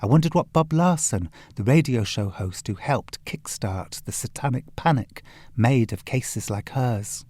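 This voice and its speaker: A man's voice: mid-range voice, animated, a little slow, a little mellow. A man hosting a podcast, narrating and interviewing in a thoughtful, conversational way.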